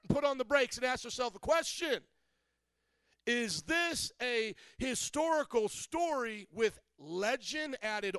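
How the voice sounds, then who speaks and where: A pastor from Indiana preaches in a high, bright-pitched male voice, keeping it loose and joking. He keeps checking in with the congregation through questions. The sound is close and dry. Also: clear, resonant tone, no echo. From Indiana, USA. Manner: conversational and joking, quizzes the congregation. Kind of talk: sermon.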